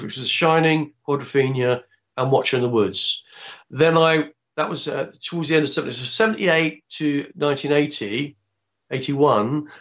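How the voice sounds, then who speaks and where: A man, telling a long anecdote in a rambling, halting way with many restarts. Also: a little high, a bit bright, lo-fi sound. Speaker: interviewee, film actor. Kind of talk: casual anecdotal storytelling.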